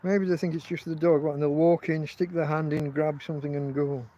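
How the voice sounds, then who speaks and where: A man's voice: a little high, little pitch movement, fairly quick, mellow, muffled recording. An English man hosting a casual livestream from his tent, telling rambling, profane stories full of restarts. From England. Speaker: podcast host.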